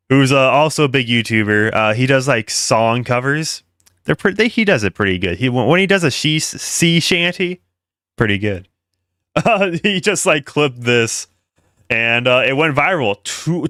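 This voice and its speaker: A man's voice: medium pitch, pushed and bright, smooth, dry recording, studio quality. A man hosting casual commentary, rambling with many fillers and asides to his viewers. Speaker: commentary host.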